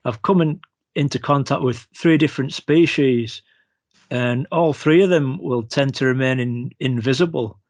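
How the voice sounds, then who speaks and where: Man, guest, halting, stammering, dry close sound. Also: medium pitch, dry recording. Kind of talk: casual chat.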